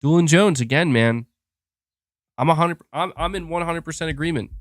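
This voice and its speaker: Excitable young man rambling on a podcast. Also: fairly high pitch, normal speed, no room sound, clean studio sound. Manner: rambling, excitable, frequent restarts and laughs. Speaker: podcast host reading super chats. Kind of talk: casual live-stream chat.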